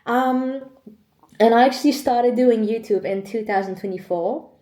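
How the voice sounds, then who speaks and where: A woman's voice: on the high side, fairly quick, warm tone, echoey room. A woman in her twenties opening up in a candid vlog, chatty and emotional, close to tears at times. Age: 20s. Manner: emotional, chatty, laughs often. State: choked up, on the edge of tears. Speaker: vlogger. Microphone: camera mic.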